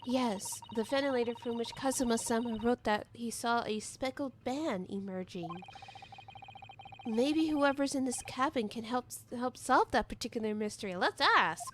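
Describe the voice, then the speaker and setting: A young woman streams a game playthrough, voicing all the dialogue roles herself and breaking off for sarcastic asides with swearing. Her voice is a little high and fairly bright at a moderate pace, with a slight hiss or hum in the background.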